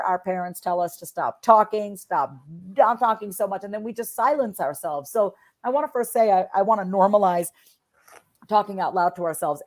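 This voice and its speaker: Expressive woman guest, shifting tones. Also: medium pitch. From Long Island, New York. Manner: expressive, acts out sample voices in different tones. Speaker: author and guest. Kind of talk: casual interview chat.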